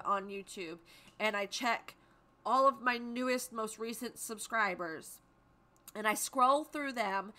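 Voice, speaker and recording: A woman's voice: on the high side, bright, forceful tone. A woman hosting a live stream from home, chatting casually and greeting viewers by name. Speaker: livestream host.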